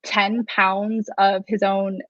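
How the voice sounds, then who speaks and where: A woman's voice: medium pitch, little pitch movement, slow, no echo. A young woman chatting casually, her speech loose and full of fillers. The sound is dull and lo-fi, and completely dry, with no room in it. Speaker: author hosting a release-day livestream. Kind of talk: casual chat.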